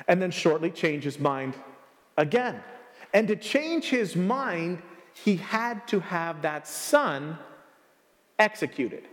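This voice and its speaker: High-voiced pastor preaching in an echoing hall. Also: male voice. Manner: animated storytelling with humor. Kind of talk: sermon. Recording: long reverb of a large hall.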